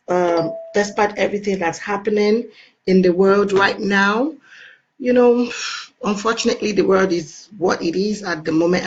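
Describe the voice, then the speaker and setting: A woman's voice: medium pitch, muffled recording. A woman with a Nigerian accent hosting a casual live stream, effusively greeting and thanking her viewers.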